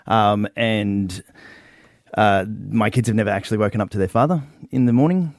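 An Australian man co-hosting a breakfast radio show in a studio, speaking emotionally with halting pauses and fillers. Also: on the low side, no room sound. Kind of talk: on-air farewell chat. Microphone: studio microphone.

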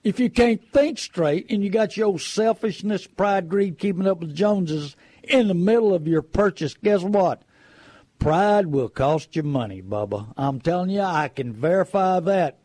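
Man, middle-aged, folksy and preachy, higher voice, dry close sound. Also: moderate pace, dark tone, dry recording. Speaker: car buying advisor. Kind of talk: folksy advice talk.

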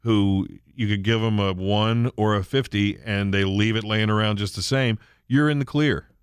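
A man's voice: fairly low pitch, fairly even intonation, normal speed, smooth, dry recording, studio quality. A middle-aged man hosting a radio show, chatting casually and reminiscing. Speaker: radio host.

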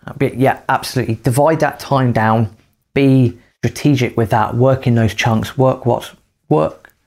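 A man co-hosting a podcast, giving emphatic advice in casual chat with quick bursts of speech. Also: medium pitch, steady tone, darkish tone. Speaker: podcast co-host.

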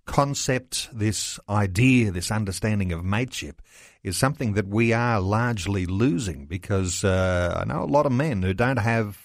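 A man interviewing a guest, asking questions in a halting way with many fillers. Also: on the low side, no echo, clean studio sound.

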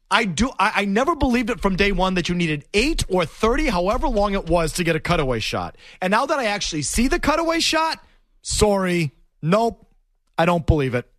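A man's voice: sits high, no echo, studio quality. A middle-aged man hosting a sports talk show, arguing his case emphatically and repeating himself for effect. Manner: emphatic, repetitive, argumentative.

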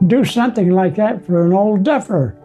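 An elderly man living in an assisted living center, recalling things slowly and haltingly in an interview. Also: high-pitched, warm tone, slightly rough, faint music behind. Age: older. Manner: slow, halting and reflective. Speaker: nursing home resident. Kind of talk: interview recollection.

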